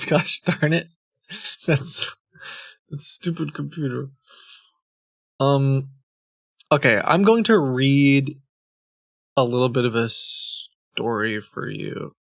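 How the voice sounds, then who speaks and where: A man's voice: medium pitch, lively intonation, slow pace, creaky, pauses often. A man streaming live, chatting casually and reading chat logs aloud with many ums and restarts.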